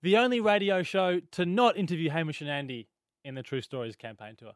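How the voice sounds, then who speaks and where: An Australian man co-hosting a radio show, teasing his partner and laughing often in quick banter. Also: a little high. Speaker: radio co-host. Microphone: studio microphone.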